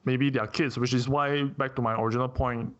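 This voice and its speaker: A man arguing his point with earnest conviction in a casual chat, at a mid pitch. The audio is muffled and lo-fi. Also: fairly even intonation, a little fast. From Singapore. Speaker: guest. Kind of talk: casual conversation.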